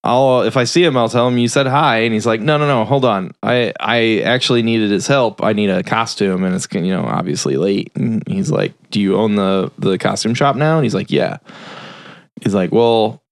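A man's voice: on the low side, moderate pace, vocal fry, no room sound. A man casually retelling a film's plot on a review podcast, rambling and swearing with many fillers. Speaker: film review podcast host. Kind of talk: casual chat.

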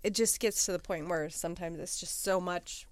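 Low, smooth-voiced woman in podcast chat. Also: moderate pace. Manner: hesitant, trailing off. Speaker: podcast host and researcher. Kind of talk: casual chat.

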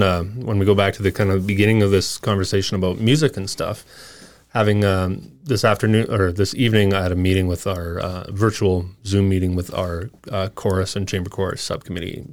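A middle-aged man in casual conversation as a podcast guest, telling stories with quick laughs and searching for his words. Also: low-pitched. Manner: animated storyteller, quick laughs.

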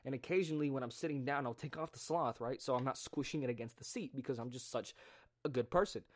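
A man's voice: medium pitch, quick pace. A young man telling a story in a casual monologue, ranting with sarcastic, profane asides. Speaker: podcast host.

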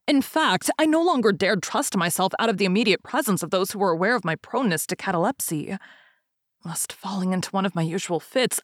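Woman reader, gothic tale, grave and measured, mid pitch, dry close mic. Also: dry recording. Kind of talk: dramatic reading of a gothic tale.

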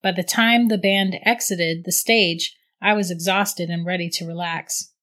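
A woman giving steady, reflective first-person audiobook narration. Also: fairly low pitch, unhurried.

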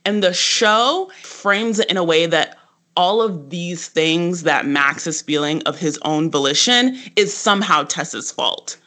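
A podcast co-host talks through a TV episode in loose, casual chat. The voice is bright and forceful, peppered with "like," laughs and cheerful swearing. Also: medium pitch, a little slow. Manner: animated and profane, lots of "like" fillers and laughter.

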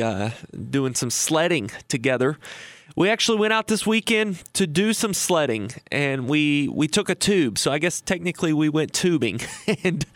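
A man's voice: a little high, fairly bright tone, no room sound. A man in his thirties hosting a radio show on retirement, telling a story in a folksy, chatty way with fillers and restarts. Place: radio studio.

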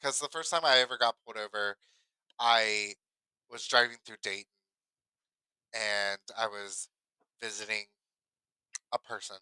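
A man's voice: on the low side, measured pace, long pauses, sharp tone, smooth, no room sound, poor audio. A man co-hosting a podcast, reacting to his co-host in casual chat and starting his own story.

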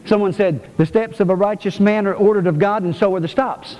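A man's voice: high-pitched, a little fast, few pauses, darkish tone. A male pastor preaching a sermon to his congregation, emphatic and repetitive. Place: church. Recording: reverberant church hall.

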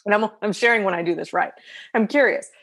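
A woman guest on a podcast tells a personal story casually, in an animated and expressive way. She laughs often, and her voice sits at an ordinary middle pitch. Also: fast talker.

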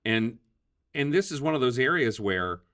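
A man's voice: mid-range voice, sing-song, normal speed, a bit bright. A man hosting a casual political talk show, chatty, laughing often and using many fillers. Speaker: podcast host.

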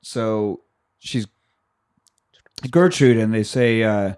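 A man's voice: fairly low pitch, moderate pace. A man co-hosting a podcast, casually recapping a movie and chiming in with character names and dry asides. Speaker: podcast co-host.

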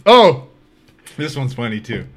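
A man hosting a podcast, telling stories in a casual, animated and profane way. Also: mid-range voice, moderate pace. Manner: animated, profane, laughing storyteller. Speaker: podcast host. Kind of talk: casual storytelling chat.

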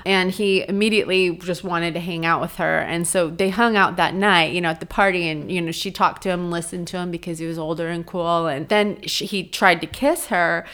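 Chatty woman telling a story, low voice. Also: a little fast, few pauses, smooth. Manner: chatty, animated, lots of fillers and asides. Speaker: podcast host. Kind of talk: casual true-crime storytelling chat.

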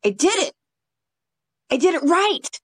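A woman's voice: very high voice, big pitch swings, measured pace, no echo, voice pushed up, exaggerated voice. Woman voicing an anxious eager female dog. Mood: proud.

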